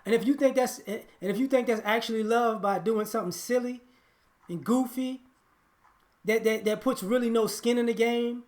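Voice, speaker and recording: A man's voice: very high voice, normal speed. Preachy man lecturing on relationships. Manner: preachy, blunt, repetitive with frequent restarts. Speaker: relationship commentator.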